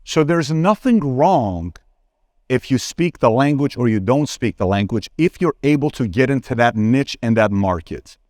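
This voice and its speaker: Brief: man in his 40s, conference speaker, animated storyteller, close and dry sound. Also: normal speed, no echo. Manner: animated, acts out dialogue with sudden pitch jumps; addresses crowd directly, asks for a show of hands. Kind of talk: live Q&A on stage, storytelling. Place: conference hall stage.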